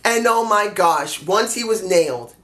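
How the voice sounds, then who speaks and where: A man casually reviewing a wrestling show, excitable, swearing freely and laughing often. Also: high voice, a little slow.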